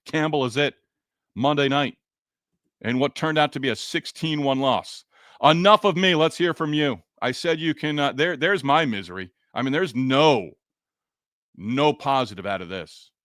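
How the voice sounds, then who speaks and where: Frustrated sports podcast host, dry close mic. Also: male voice, mid-range voice, normal speed, fairly bright tone, no room sound. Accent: Boston. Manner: frustrated, sarcastic, rambling with restarts. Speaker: podcast host reading listener comments. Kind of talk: casual sports podcast talk.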